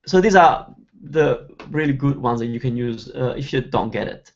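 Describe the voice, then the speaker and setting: A man's voice: mid-range voice, animated, normal speed, dull audio. A man from Italy, hosting a live online Q&A lesson and chatting as he explains phrases one by one. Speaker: Italian teacher hosting a webinar.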